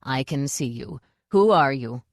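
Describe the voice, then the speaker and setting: A woman's voice: extremely low pitch, lively intonation, unhurried, no echo, studio quality, pitched below the performer's own voice, heavily acted. A woman voicing a blunt, unflappable old witch who talks in a matter-of-fact way in an audiobook.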